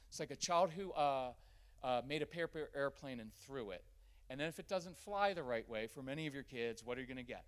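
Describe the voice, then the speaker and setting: Animated man giving a parenting workshop. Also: on the high side, fairly quick. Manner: animated, acts out quoted parents and kids. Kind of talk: live workshop talk to an audience. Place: church.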